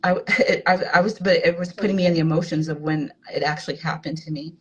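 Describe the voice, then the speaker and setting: A woman candidly telling a personal story in a halting way, often restarting her sentences. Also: deep voice, fairly even intonation, a loud crowd, rough recording. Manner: halting, frank, with many restarts. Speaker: guest sharing a personal story.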